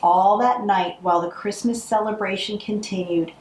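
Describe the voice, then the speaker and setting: A woman reading a holiday picture book aloud, with expressive narration. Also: mid-range voice, normal speed, echoey room, slight background noise, poor audio. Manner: expressive, acts out the characters. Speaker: storybook reader.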